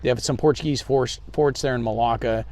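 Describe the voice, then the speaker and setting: Dude telling travel stories, easygoing, kinda loose and hedgy. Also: male voice, mid-range voice, fairly even intonation, brisk, dark tone. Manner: loose storytelling, hedging, many restarts. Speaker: guest. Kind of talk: casual chat.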